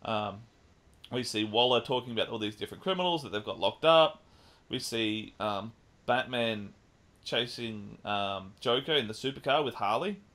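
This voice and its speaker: A man co-hosting a podcast, casually recapping a film with lively retelling and the odd swear. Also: medium pitch, normal speed. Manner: animated retelling with swearing and mimicked lines. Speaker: podcast co-host. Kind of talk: casual chat, film review.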